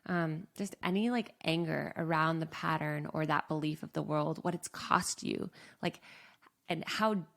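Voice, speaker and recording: A young adult woman, a life coach, calmly guiding listeners through a self-help exercise, often saying "like.". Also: low-pitched, creaky. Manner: calm, slow guiding with frequent "like".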